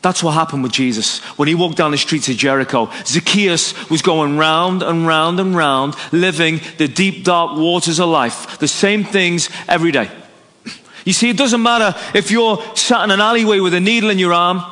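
Brief: male preacher, lively storyteller, slightly higher voice, long hall reverb. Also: normal speed. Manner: animated, story-driven, acts out dialogue. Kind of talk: evangelistic sermon with storytelling.

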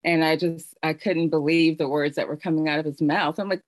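A middle-aged woman telling her personal story in an earnest, halting way, with fillers and restarts. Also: low voice, fairly even intonation, no room sound. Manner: emotional storytelling. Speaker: speaker sharing her story. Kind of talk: personal testimony.

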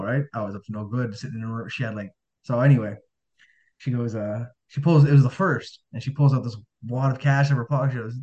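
A podcast guest, this man speaks at a medium pitch with a steady tone, a quick pace, and a darkish tone. He tells his life story casually and ramblingly, heavy on fillers and acting out quoted dialogue. The audio is dull and lo-fi.

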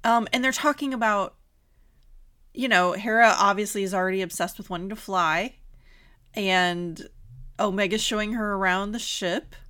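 Woman podcast cohost, casual chat, animated and laughy, keeps clearing her throat. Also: medium pitch. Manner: animated, exclaiming, quick to laugh. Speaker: podcast co-host.

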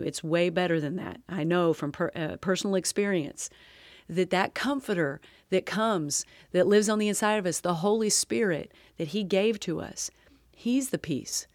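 Woman, lower pitch, podcast host teaching scripture off the cuff; reads verses between fillers and restarts, dry sound. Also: no echo. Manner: unscripted, with many fillers and restarts, reading verses aloud. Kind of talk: conversational devotional teaching.

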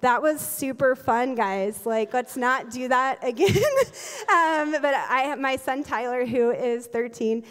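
Higher-voiced woman preaching in a reverberant hall. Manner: lively, humorous storytelling with quick laughs. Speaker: pastor. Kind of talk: sermon. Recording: long reverb of a large hall.

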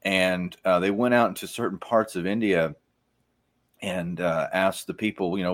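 A man with a very low, deep voice hosts a casual podcast chat. He is middle-aged and rambles loosely, often stopping to restart a thought or fill a gap with an "uh." It sounds like easygoing talk among friends. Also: fairly even intonation, moderate pace, a bit bright. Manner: rambling, with frequent fillers and restarts. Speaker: podcast host.

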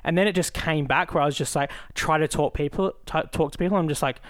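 A man's voice: fairly high pitch, fast talker. A young man co-hosting a podcast, teasing his sister in casual chat. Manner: teasing, lively questioning. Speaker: podcast co-host.

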